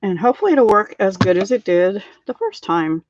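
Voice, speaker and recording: A middle-aged woman demonstrating card making on a casual live stream, chatting with viewers by name and filling pauses with ums and little laughs. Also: medium pitch, lively intonation, a little mellow, a little hiss or hum. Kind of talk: casual live craft tutorial. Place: home craft room. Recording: dull lo-fi live stream audio.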